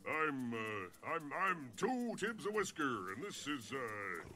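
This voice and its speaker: A man's voice: fairly high pitch, sing-song, slow, bright, forceful tone, heavily acted. An actor voicing a nervous, stammering male cat-like warrior posing as a pirate in a video game. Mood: flustered. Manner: stammering, hesitant.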